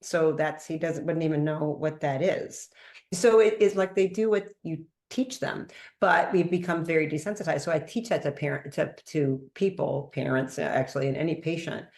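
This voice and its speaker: A woman host and doctor in a casual interview conversation, animated, laughing often and acting out quoted dialogue. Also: sits low, normal speed.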